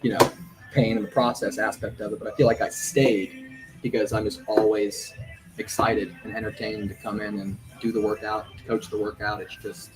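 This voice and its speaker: Low-voiced male coach with music behind. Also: level tone, normal speed, low-quality recording. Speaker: gym coach. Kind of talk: casual podcast chat.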